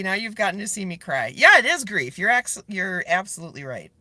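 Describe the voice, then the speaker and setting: A woman's voice: medium pitch, very animated, fairly quick, few pauses, bright, forceful tone. A woman livestreaming to her online group, talking earnestly and pleading directly with her viewers as she answers their comments. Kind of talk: casual live video chat, reading viewer comments.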